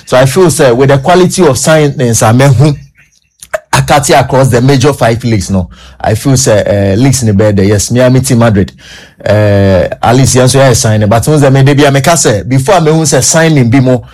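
A man's voice: mid-range voice, a little fast, darkish tone, faint music behind. A man with a Ghanaian accent giving casual radio sports talk as a pundit, mixing Twi and English with plenty of fillers and restarts.

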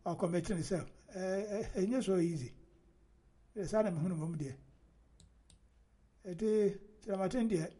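A man with a high-set but deeply mellow, dark voice holds forth in loose political commentary. He talks in a rambling, emphatic way and laughs often, like a host chatting to his listeners.

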